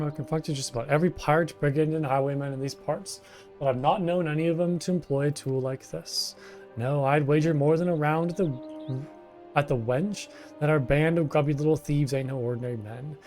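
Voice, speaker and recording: A man reading the lines of a boastful soldier, delivered in a rough old-sailor dialect. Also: a little high, a little mellow, close to an everyday voice.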